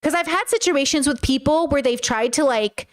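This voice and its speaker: Woman, high voice, loud yell-talker, excitable, casual stream chat. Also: normal speed. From grew up in a Middle Eastern home. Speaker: streamer reacting to a video.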